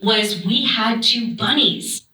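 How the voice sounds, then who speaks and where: A woman from Massachusetts doing a stand-up comedy set on a club stage. She is playful and animated and laughs often. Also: a little high, takes it slowly. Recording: roomy club sound from a distant mic with noise.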